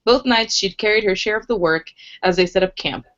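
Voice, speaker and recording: A woman's voice: mid-range voice, a little fast. A young woman co-hosting a book club chat, reading passages aloud and laughing as she goes. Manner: animated, laughs while reading. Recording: dull lo-fi webcam audio.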